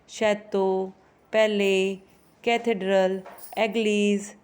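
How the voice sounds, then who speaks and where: A woman teaching a French lesson, explaining slowly and repeating phrases for her students. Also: medium pitch, flat delivery, a little mellow, smooth.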